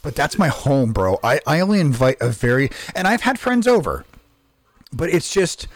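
Guy on a gaming podcast, high-ish voice swinging all over, cussing and laughing through his stories, dry mic. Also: moderate pace, dry recording. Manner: animated, profane storytelling with lots of restarts. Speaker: podcast co-host and streamer. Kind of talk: casual podcast chat.

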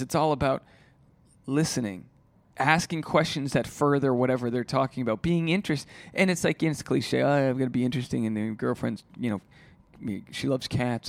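A man's voice: mid-range voice, expressive, normal speed, vocal fry, dry recording. A man who is a stand-up comedian, talking alone on his podcast in a rambling, profane, casual way. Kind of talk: solo podcast monologue.

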